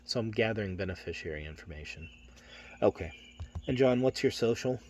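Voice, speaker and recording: A middle-aged man training insurance telesales agents, talking through a phone script in a steady, matter-of-fact way and acting out the salesman's lines. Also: lowish voice, a little fast, slight background noise.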